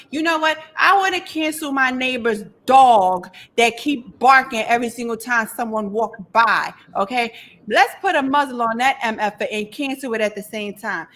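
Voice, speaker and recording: A middle-aged woman hosts a casual podcast chat in a fairly high voice. She talks emphatically, circles back to repeat her points and laughs often. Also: a bit bright. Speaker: podcast host.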